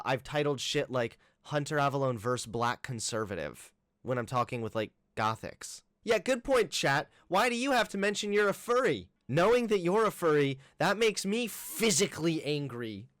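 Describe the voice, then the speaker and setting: A man's voice: a little high, expressive, moderate pace, a bit bright, dry recording, clean studio sound. A young man hosting a reaction commentary, mocking and sarcastic, swearing freely. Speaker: commentary host. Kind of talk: reacting to a video.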